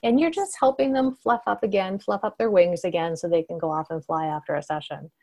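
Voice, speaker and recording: A woman's voice: mid-range voice, brisk, a little mellow. A woman hosting an interview, speaking in a reflective, admiring way. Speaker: host. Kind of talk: casual interview chat.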